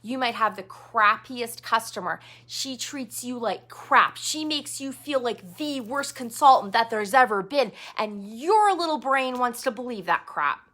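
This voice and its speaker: Bright fairly high woman, blunt pep talk, swears a bit, lots of "like". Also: animated, a little slow, hardly any pauses. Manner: candid, emphatic, mild swearing and fillers. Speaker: direct sales team leader. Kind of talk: motivational talk.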